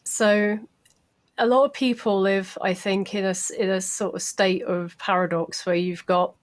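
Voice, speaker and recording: A woman's voice: mid-range voice, fairly even intonation, unhurried. Reflective woman student on a panel. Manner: reflective, rambling with restarts. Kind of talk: live online student panel.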